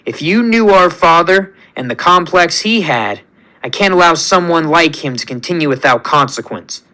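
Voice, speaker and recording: A man voicing a grim, vengeful alien woman warrior, talking flatly and resolutely. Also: a little high, normal speed.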